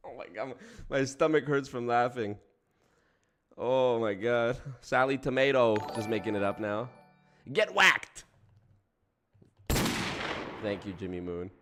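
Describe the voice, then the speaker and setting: A man hosting a casual livestream, chatting with viewers, breaking into frequent laughter and swearing casually. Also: mid-range voice. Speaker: streamer host.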